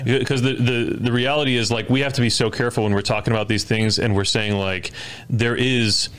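A man's voice: medium pitch, fairly even intonation, fairly quick, fairly bright tone, clean tone. A man hosting a casual podcast discussion, talking earnestly and restarting phrases as he thinks. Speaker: podcast host. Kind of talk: casual chat. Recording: studio.

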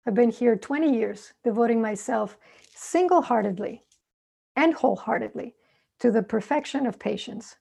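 A woman voicing a proud, gruff old male hermit in a spoken teaching story. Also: a little high, normal speed, warm tone, heavily acted. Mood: defensive. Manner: gruff, defensive.

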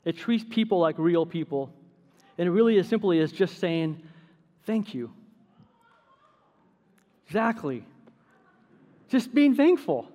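Animated, high-voiced male pastor in a hall. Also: moderate pace, long pauses. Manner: storytelling, animated, laughs at his own stories. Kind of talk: sermon.

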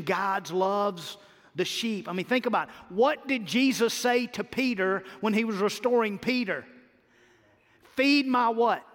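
A man's voice: high voice, a bit bright. A man preaching a sermon with emphatic delivery, repeating key words and rising on his refrains. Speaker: pastor. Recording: hall reverb.

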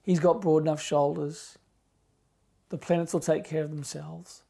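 A middle-aged man preaching a sermon as pastor, impassioned, moving between loud emphasis and hushed near-whispers. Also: on the high side, level tone, normal speed, vocal fry.

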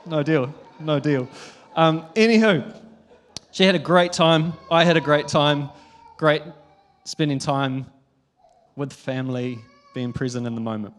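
Chatty New pastor, higher-pitched man. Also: a little slow, long pauses. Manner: animated, chatty storytelling with laughs. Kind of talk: storytelling sermon.

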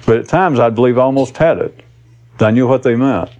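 A man's voice: mid-range voice, a little fast, darkish tone, dull audio, a little hiss or hum. A man giving a recorded spiritual talk to an audience, rambling and blunt, swearing casually as he teaches.

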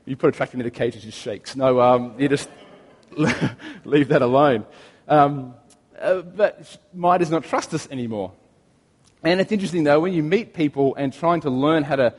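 A man in his thirties preaching a sermon as pastor, telling stories in a chatty way with gentle humor. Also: on the high side, big-room sound. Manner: conversational storytelling with gentle humor.

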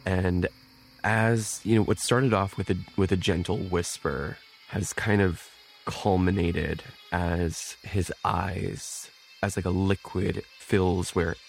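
Slow, gravelly man playing a tabletop game. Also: low-pitched, steady tone, faint music behind. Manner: slow, halting description. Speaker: player. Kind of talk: describing actions in a tabletop game.

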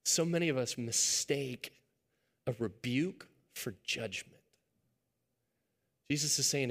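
A pastor in his thirties delivers a sermon slowly, with long pauses and vocal fry in his mid-range voice. He relates a family story, swinging from hushed, intimate lines to loud, excited retelling.

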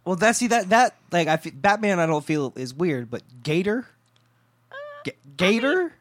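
A man with a high voice teases his friends in a casual podcast chat. His remarks come quick and joking. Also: sing-song, fairly bright tone. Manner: teasing, quick-witted jokes.

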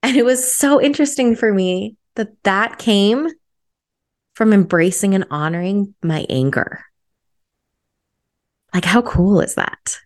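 A woman's voice: medium pitch, measured pace, pauses often. A woman hosting a podcast, telling a personal story in a chatty, enthusiastic way with lots of filler words. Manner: chatty, filler-heavy with frequent "like"; enthusiastic, energetic. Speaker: podcast host.

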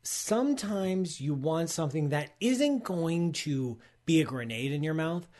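Expressive and a little mellow, the man's fairly high voice moves at a measured pace as he hosts a casual live stream featuring a sponsor read and cheese tasting. His talk is eager and rambling, riddled with self-interruptions and restarts.

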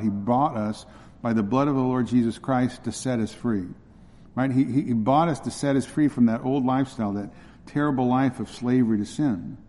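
A man's voice: mid-range voice, mellow, big-room sound. A man preaching a sermon, earnest, with restarts and fillers. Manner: earnest, repeats himself with fillers.

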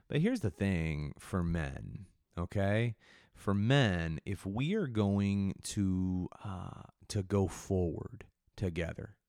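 A man's voice: sits low, animated, slow, a little mellow, no room sound, studio quality. A man hosting a solo podcast, rambling and self-mocking, with restless restarts and sudden bursts of energy. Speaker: podcast host.

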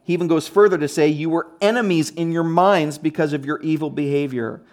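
A man's voice: fairly high pitch, fairly quick, darkish tone. A man preaching a sermon in a conversational, emphatic way, with frequent restarts and asides. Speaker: pastor.

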